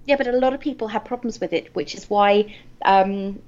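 A woman's voice: medium pitch, normal speed, a little mellow, muffled recording. An English woman co-hosting a casual book chat, rambling with many restarts. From England. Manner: chatty, wanders off topic, many restarts. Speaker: book podcast co-host.

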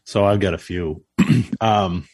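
A man with a very deep voice co-hosts a casual podcast. He tells rambling, self-deprecating stories. The sound is dry and close. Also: fairly even intonation, slow, darkish tone, husky, no echo. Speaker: podcast co-host. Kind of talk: casual storytelling.

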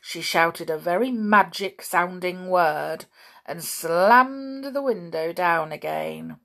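A woman reading a children's story aloud in a gentle, expressive way. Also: fairly low pitch, takes it slowly, gravelly.

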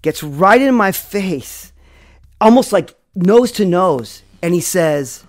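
A man telling a personal story in a slow, dramatic way, full of fillers. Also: sits high, lively intonation, no echo, studio quality, soft background music. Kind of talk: first-person spoken storytelling.

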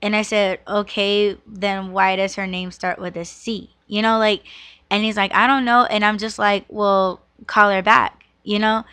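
A woman's voice: mid-range voice, level tone, measured pace, fairly bright tone, clear, resonant tone, no echo. A woman in her thirties hosting a podcast and telling a personal story in a rambling, emotional way, swearing often and filling her talk with "like" and "you know". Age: 30s. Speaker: podcast host. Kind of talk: casual storytelling monologue.

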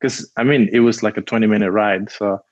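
A man's voice: fairly low pitch, fairly even intonation, fairly quick, darkish tone, no echo, dull audio. A man from Cuba, a guest telling a story in a rambling casual way, full of "like", acting out what people said. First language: Spanish. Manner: rambling, heavy use of "like", acts out quotes.

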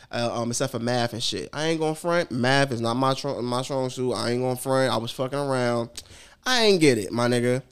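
A man's voice: mid-range voice, clean tone. A man co-hosting a podcast, telling stories in slangy, profane casual chat. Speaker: podcast co-host.

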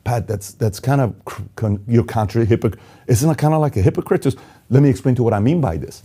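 A man from Iran giving an intense motivational monologue, swinging between loud urgency and quiet emotion. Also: medium pitch, animated, fast talker, slightly rough. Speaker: motivational speaker.

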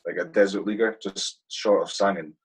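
Husky, swearing soldier telling war stories. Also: male voice, low-pitched, steady tone, moderate pace, low-quality recording. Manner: swears constantly, says "mate" a lot. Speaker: guest, army platoon sergeant. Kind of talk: casual interview storytelling.

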